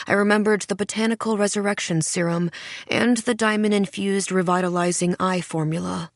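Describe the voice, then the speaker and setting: A woman narrates a first-person novel in a wry, measured, quietly deadpan voice. Her pitch sits on the low side. The recording is dry and close, with no room sound. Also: no echo. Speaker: audiobook narrator.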